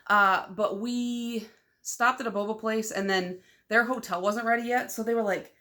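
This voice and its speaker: A woman's voice: on the high side, moderate pace. Chatty, rambling young woman vlogger. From Michigan. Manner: chatty, rambling, lots of "like" fillers; excitable and loud, laughs often. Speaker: nail polish vlogger. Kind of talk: casual vlog chat.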